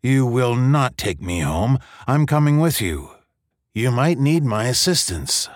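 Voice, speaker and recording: A man voicing a confident, teasing young woman, lifting his voice for her brisk, determined lines in an audiobook. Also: mid-range voice, expressive, no echo, clean studio sound, pitched above the performer's own voice, lightly acted.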